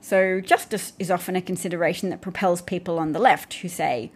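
A woman's voice: on the low side, steady tone, a little fast, few pauses, breathy edge. A woman with an Australian accent hosting a live stream, answering viewer comments in a casual way with many restarts, fillers and dry asides.

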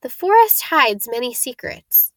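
A woman voicing a solemn, cryptic male centaur who speaks slowly and sorrowfully. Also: sits high, very animated, fairly bright tone, dry recording, full character voice.

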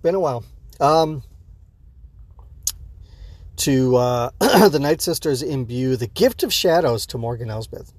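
A man's voice: medium pitch, lively intonation, unhurried, pauses often, darkish tone, no room sound. A man talking casually and unscripted as a podcast host reacting to an episode, rambling with many fillers and restarts, a bit sleepy early in the day.

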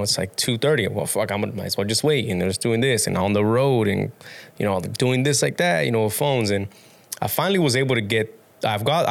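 A man's voice: lowish voice, vocal fry. A young man, a podcast guest and dad, telling a story in casual, rambling interview chat full of restarts, casual swearing and laughs.

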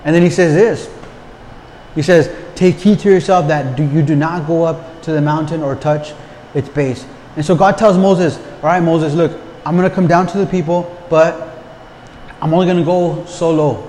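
Here the preacher's voice is a little high and darkish, at normal speed with fairly even intonation. His casual sermon leans on repeated words and rhetorical questions aimed at listeners, captured with long hall reverb and faint background noise.

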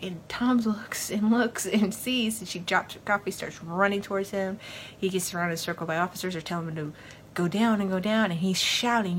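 A woman's voice: fairly low pitch, fairly even intonation, normal speed, a bit bright, a little hiss or hum. A woman hosting a podcast, giving a loose, casual recap of a TV episode with lots of fillers. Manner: rambling, loose, full of fillers like "you know". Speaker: podcast host.

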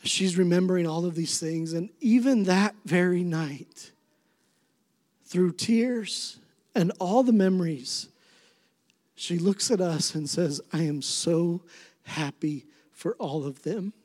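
A middle-aged man preaching a sermon as pastor, swinging between soft, tender passages and emphatic, rising appeals. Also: high voice, slow. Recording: long reverb of a large hall.

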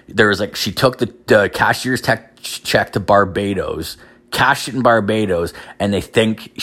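Guy with a lowish voice ranting a foul-mouthed story, young, laughs at his own bits. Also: a bit bright. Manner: crude, swearing constantly, laughing at his own jokes. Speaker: podcast host. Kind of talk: profane storytelling monologue.

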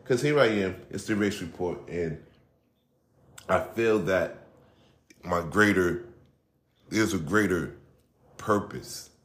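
A man's voice: low voice, a bit bright. A middle-aged man hosting his own podcast, talking in a loose, rambling, profane way, restarting his sentences and going off on asides. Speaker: podcast host. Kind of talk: casual solo monologue.

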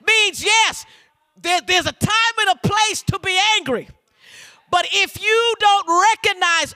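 A middle-aged man preaching a sermon in church, shouting and urging the congregation to repeat after him, repeating words in a fervent cadence. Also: very high voice, measured pace. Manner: shouting, urging call-and-response.

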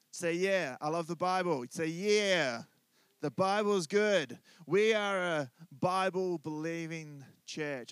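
Male pastor, relaxed joking sermon, dry close-miked voice. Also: mid-range voice, no room sound. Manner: conversational, joking, asks congregation to respond. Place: church.

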